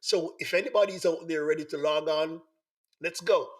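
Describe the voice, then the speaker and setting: A man hosting a live online talk show, hoarse from the flu, repeatedly coaxing viewers to join in. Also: a little high, steady tone, fairly quick. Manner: repetitive, coaxing appeals to viewers. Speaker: host.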